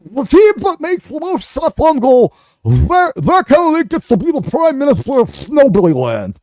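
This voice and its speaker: A man's voice: extremely high pitch, huge pitch swings, moderate pace, darkish tone, dry recording, voice pushed up, heavily acted. A man putting on a Canadian accent as a goofy rambling character who talks mock-earnest nonsense with full confidence. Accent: put-on Canadian.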